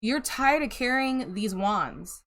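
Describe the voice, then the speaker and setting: A woman's voice: a little high, expressive, takes it slowly, a bit bright. A young woman giving a casual tarot reading to camera, chatty and sympathetic, laughing and sighing often. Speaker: tarot reader.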